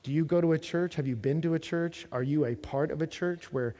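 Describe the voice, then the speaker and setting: A man's voice: fairly high pitch, brisk, dark tone. A man preaching a sermon at a college ministry gathering, telling stories and asking rhetorical questions in a conversational way. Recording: long reverb of a large hall.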